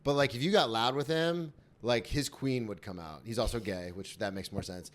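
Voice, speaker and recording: Rambling man hosting a chat. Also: medium pitch. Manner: rambling, quick asides. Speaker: podcast host. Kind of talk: casual chat.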